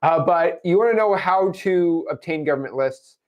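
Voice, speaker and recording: A man's voice: on the high side, expressive, moderate pace, lo-fi sound. A man hosting a live question session, giving casual coaching advice and calling listeners "man" and "dude". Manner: laid-back, calls people "man" and "dude". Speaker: host answering live questions.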